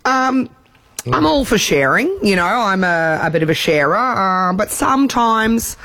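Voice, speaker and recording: A man's voice: sits high, lively intonation, unhurried, pushed and bright, dry recording. An Australian man co-hosting a radio breakfast show, chatty and rambling in casual banter.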